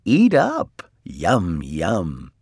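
A man voicing a doting wife who turns frightened, with a shrill, raised voice. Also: wildly swooping pitch, drawn-out words, a little mellow, breathy edge, no echo, clean studio sound, heavily acted.

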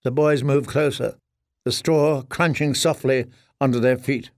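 Man narrating a dark tale, dry sound. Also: medium pitch, normal speed, creaky, no echo. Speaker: audiobook narrator. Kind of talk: scripted narration.

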